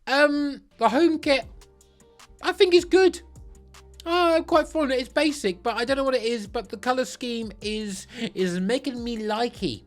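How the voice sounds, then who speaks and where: A man ranks football kits in comedic commentary that is blunt, crude and sarcastic, his pitch swinging widely. He speaks at a moderate pace over soft background music.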